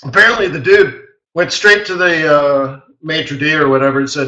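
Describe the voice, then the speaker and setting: A man's voice: mid-range voice, normal speed, echoey room, muffled recording. A man hosting a live trading webinar, telling stories with lots of laughter and acted-out quotes. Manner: animated anecdote teller who laughs often and acts out quoted voices.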